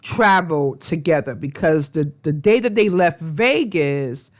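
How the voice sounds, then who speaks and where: A woman's voice: deep voice, animated, measured pace. Chatty woman recapping a reality show. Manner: chatty storytelling, full of fillers and slang. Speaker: reality TV reviewer. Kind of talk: casual episode recap.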